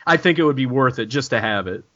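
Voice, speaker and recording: Sarcastic podcast host, male, animated delivery, dull lo-fi recording. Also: mid-range voice, quick pace. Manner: sarcastic, profane, reads quotes in mock-preacher voice. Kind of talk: casual comedic podcast chat.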